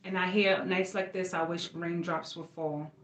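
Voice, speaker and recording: A woman's voice: lowish voice, little pitch movement, normal speed. A woman giving a casual astrology reading, talking to viewers in a loose, slangy, rambling way. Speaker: astrology reader. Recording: roomy echo.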